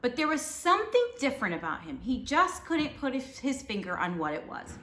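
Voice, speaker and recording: Expressive woman reading aloud to kids. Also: a little high, brisk. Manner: expressive and warm toward children. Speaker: teacher. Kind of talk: read-aloud storytelling for children. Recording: roomy echo.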